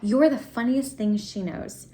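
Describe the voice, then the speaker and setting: A woman voicing a warm, gentle woman neighbor who explains a child's drawing in a lifted, bright reading voice, in an echoey room. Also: on the high side, unhurried, lightly acted. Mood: tender.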